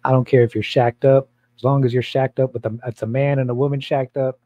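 A man's voice: medium pitch, flat delivery, a little fast, warm tone, no echo. Male pastor, casual bible study talk, blunt and rambling, dull lo-fi sound, dry. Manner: blunt, provocative, rambling with repeats.

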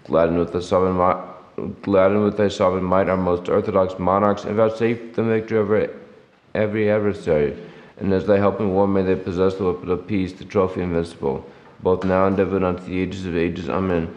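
A man with a very deep voice reads prayers at a church service. He keeps his pitch nearly flat and his pace measured and solemn. The lo-fi recording carries a long church reverb. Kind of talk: liturgical reading of prayers. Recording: lo-fi recording in an echoey church hall.

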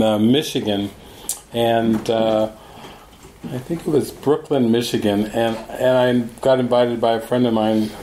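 A man's voice: medium pitch, dark tone, slight background noise. A man, a spiritual teacher, giving a storytelling talk at a group gathering. He tells his stories with animation and acts out the voices of the people in them. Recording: echoey room.

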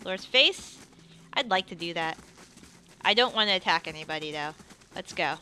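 A woman's voice: lowish voice, lively intonation, moderate pace, bright, forceful tone, a little hiss or hum. A woman hosting a let's play, chatting playfully and reading the game's dialogue aloud. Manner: playful, reads all characters in her own voice.

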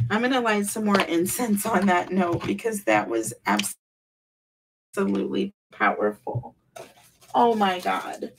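A woman's voice: medium pitch, animated, a little slow, vocal fry, recorded from a distance, slight background noise, poor audio. A woman giving an emphatic tarot reading to her viewers, repeating words for effect. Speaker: tarot reader.

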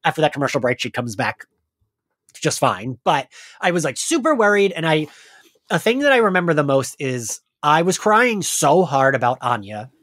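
A man's voice: on the high side, big pitch swings, moderate pace, a bit bright, no echo. A congested man hosting a podcast, chatting casually and acting out the voices of friends in his stories. The sound is dry and close, with no room around it. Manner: chatty storyteller, acts out quoted friends. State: congested from crying. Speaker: podcast host. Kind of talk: casual chat.

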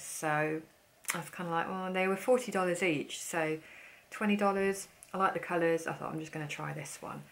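Woman, beauty vlogger; lowish, chatty, self-mocking, casual delivery. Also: fairly bright tone, a little hiss or hum. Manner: chatty, self-deprecating, playful asides. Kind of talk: casual haul chat to camera.

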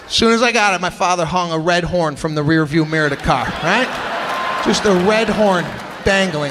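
A man doing a stand-up comedy set, animated, acting out his family and rising to shouts. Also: sits high, moderate pace, big-room sound. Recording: live club with audience and room noise. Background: audience laughter.

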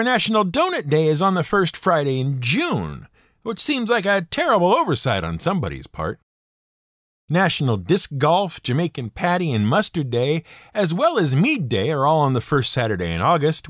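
A man's voice: fairly high pitch, a bit bright, no room sound. A man narrating a scripted podcast episode in a wry, playful storytelling manner with dry asides. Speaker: podcast host.

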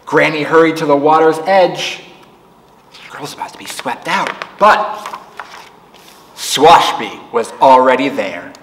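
A man's voice: a little high, slight background noise. A man reading a picture book aloud to children at a storytime, chatting with them between pages. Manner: slow, animated read-aloud voice for children. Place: library room. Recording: echoey room, distant mic.

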